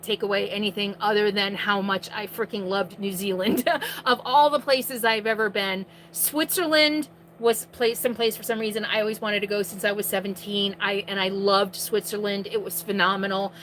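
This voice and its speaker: A woman hosting a live question-and-answer stream from inside her RV, chatting casually and projecting her voice loudly. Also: medium pitch, a little hiss or hum, rough recording.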